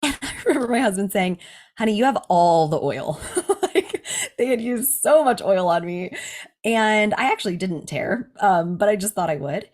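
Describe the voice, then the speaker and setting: A woman's voice: medium pitch, lively intonation, moderate pace. A woman in her thirties, a podcast host, candidly telling a personal story in casual chat, laughing often. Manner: candid, laughs often, quotes others in livelier voices.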